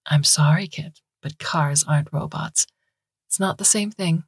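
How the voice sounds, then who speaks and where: A woman voicing a middle-aged woman doctor who talks softly in a wry, casual way. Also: low-pitched, a little slow, gravelly, breathy edge, no echo, studio quality, heavily acted. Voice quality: soft.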